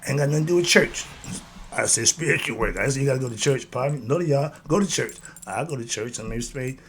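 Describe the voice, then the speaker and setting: A man's voice: mid-range voice, fast, a little hiss or hum. A man giving a motivational monologue about spiritual life, speaking in in a preachy, rhythmic way and repeating his catchphrases. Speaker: host.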